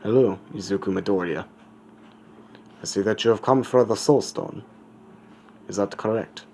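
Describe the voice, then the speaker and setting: A man voicing a hooded, floating, skull-faced male guardian in a fan story, with a deep booming voice and a mock German accent. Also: animated, unhurried, warm tone, slight background noise. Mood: ominous.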